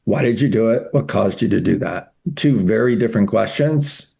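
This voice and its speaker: Male sales coach, low husky voice, mellow tone, instructive delivery. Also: lively intonation, moderate pace. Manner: instructive, reads from notes. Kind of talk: coaching session talk.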